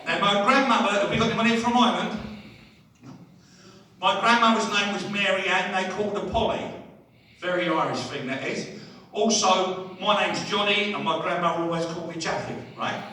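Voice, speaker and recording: Bright-voiced comedian in an echoey hall. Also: male voice, high-pitched, normal speed, far from the mic, slight background noise. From England. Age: 60s. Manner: chatty, keeps asking the crowd "right?". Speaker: stand-up comedian. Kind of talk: live stand-up routine. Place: holiday village entertainment hall.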